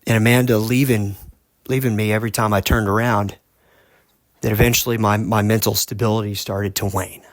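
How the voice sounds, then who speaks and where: A man hosting a podcast, earnestly telling a personal story in a halting way, often restarting his sentences. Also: lowish voice, little pitch movement, dry recording. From United States. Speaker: podcast host.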